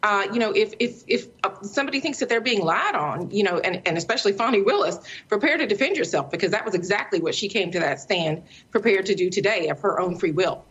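Woman giving fast TV news commentary. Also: medium pitch, animated, a bit bright. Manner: fluent, emphatic, rhetorical questions. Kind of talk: televised political commentary. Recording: muffled clip with faint background noise.

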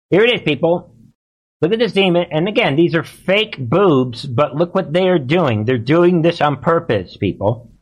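Man, commentary host, slightly high voice, agitated, repetitive, preachy. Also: animated, moderate pace. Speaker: host of a political commentary channel. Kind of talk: live-streamed political commentary.

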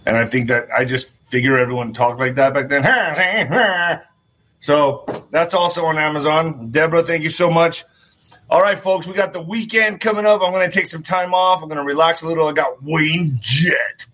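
A man's voice: on the high side, moderate pace, fairly bright tone. A man hosting his own online show, talking in a rambling casual monologue, repeating phrases and swearing now and then. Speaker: show host.

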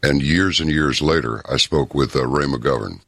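A man talking as a guest in an interview, telling stories in an emphatic, deliberate way. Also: a bass voice, gravelly, a bit bright, no echo. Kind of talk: casual interview talk.

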